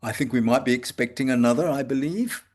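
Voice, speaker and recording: An older man with a mid-range voice speaks slowly and reflectively. He pauses often and picks his words with care, talking from his consulting room at home. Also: medium pitch. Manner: measured, halting with frequent pauses. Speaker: homeopath guest. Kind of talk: reflective conversation.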